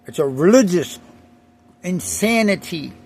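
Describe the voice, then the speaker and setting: Gravelly high-pitched man ranting slowly. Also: lively intonation. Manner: emphatic, repetitive, restarts often. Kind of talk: ranting monologue to camera.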